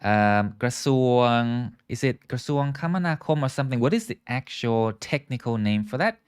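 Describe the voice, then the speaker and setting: A man's voice: medium pitch, expressive, very fast, clear, resonant tone. A man teaching English live, explaining words and asking viewers to repeat after him. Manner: frequent "okay" and "right" checks. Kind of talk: live online English lesson.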